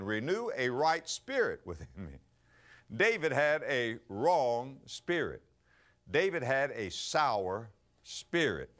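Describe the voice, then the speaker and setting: A middle-aged male pastor preaching a sermon, telling stories with acted-out voices and swinging between soft asides and loud bursts. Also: mid-range voice.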